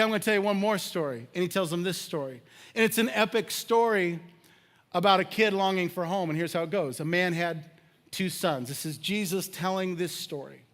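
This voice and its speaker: A man preaching a sermon in a church, telling personal stories with lively acted-out moments. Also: high-pitched. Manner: animated storytelling, acts out scenes with shouts and laughs. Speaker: pastor. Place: church sanctuary.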